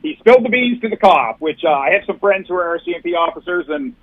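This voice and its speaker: A man from Canada calling into a podcast, recounting a story in a fast, earnest way. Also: high voice, expressive. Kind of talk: casual storytelling by phone. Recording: tinny phone line.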